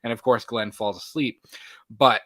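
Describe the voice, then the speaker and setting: A man's voice: mid-range voice, fairly even intonation, measured pace, sharp tone. A man hosting a movie podcast, talking casually and animatedly with many fillers and restarts. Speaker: podcast host.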